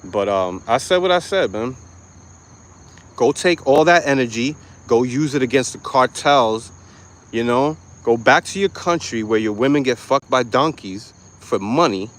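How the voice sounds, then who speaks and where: A man ranting to camera in a profane, mocking vlog, angry and loud. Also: medium pitch, lively intonation, measured pace. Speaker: vlogger. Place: lives in Florida.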